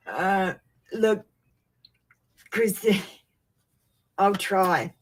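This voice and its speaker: A tarot reader on a webcam live stream starts out flustered, apologizing for her setup, then settles into steady predictions. Her voice is lowish and her pace measured, with long pauses.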